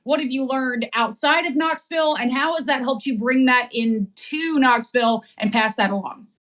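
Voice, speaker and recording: A woman's voice: high-pitched, a bit bright. A woman hosting a local podcast, who asks questions and jokes with her guest in a playful way. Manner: playful, quick to laugh. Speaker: podcast host. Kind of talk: casual interview.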